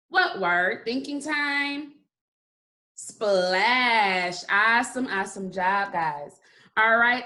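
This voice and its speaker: A woman teaching a phonics lesson to young children, speaking in a slow, encouraging way and stretching out the sounds of words. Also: on the high side, bright, forceful tone. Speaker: kindergarten teacher.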